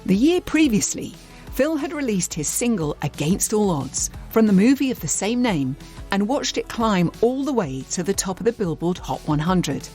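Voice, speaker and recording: An English woman presenting and narrating a documentary in a lively storytelling style. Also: medium pitch, normal speed. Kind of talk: scripted narration. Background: faint music.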